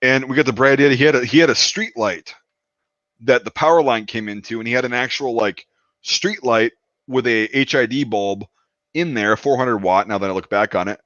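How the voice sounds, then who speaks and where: On a podcast, a man casually tells a long, profane anecdote in a medium-pitched, slightly bright voice at a moderate pace. The sound is dry and dull, with a lo-fi quality and no echo.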